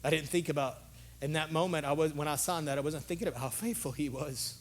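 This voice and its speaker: A remorseful ancient king, talking low and quietly, weighed down with worry over a friend, as a pastor acts him out in his sermon. The voice sits a little high for a man but is held down and soft. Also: fast, a little hiss or hum, natural voice. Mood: hushed worry. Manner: hushed, subdued, speaking low and quiet.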